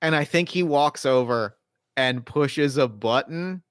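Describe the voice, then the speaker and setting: A man narrating and playing in a tabletop role-playing game, animated and cursing in frustration. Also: mid-range voice, a little slow, smooth, no room sound, studio quality. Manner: animated, swearing, laughing. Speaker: player or game master.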